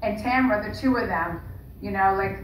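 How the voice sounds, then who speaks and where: A woman's voice: medium pitch, moderate pace. A woman co-hosting a podcast, ranting bluntly and swearing in casual chat. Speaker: podcast co-host. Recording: roomy, distant mic, faint noise.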